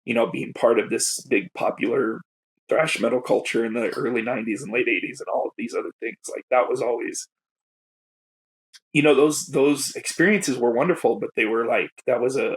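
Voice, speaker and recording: Guy with a husky voice, telling his story, reflective and emotional, pitch right in the middle. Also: fairly quick. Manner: reflective, openly emotional, laughs self-consciously. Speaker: guest, poet and educator. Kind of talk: candid personal storytelling.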